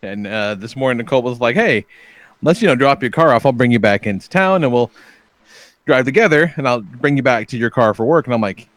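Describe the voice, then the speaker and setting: A man in his thirties co-hosts a casual podcast, spinning laid-back stories with plenty of swearing and chuckles. His pitch sits in the middle of the male range. The mic is close and dry, with no room sound. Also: expressive, brisk, fairly bright tone, no room sound. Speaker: podcast co-host.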